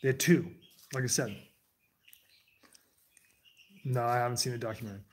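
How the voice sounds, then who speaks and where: A man's voice: mid-range voice, steady tone, moderate pace. A man hosting a livestream, talking casually to his chat in a digressive, rambling way, often restarting his sentences. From United States. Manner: digressive, restarts sentences, jumps between tangents. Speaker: livestream host.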